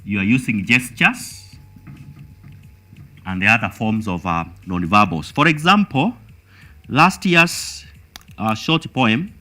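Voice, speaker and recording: A man's voice: lowish voice, expressive, slow, long pauses, bright, forceful tone, soft background music. A man with a Kenyan accent teaching an exam revision lesson, emphatic and repeating words as he thinks.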